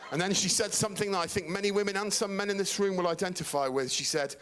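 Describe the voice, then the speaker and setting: A man in his forties doing a stand-up routine, deadpan storytelling that builds to outraged shouts. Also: sits high, fast, hardly any pauses. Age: 40s. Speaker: stand-up comedian. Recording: noisy stand-up recording.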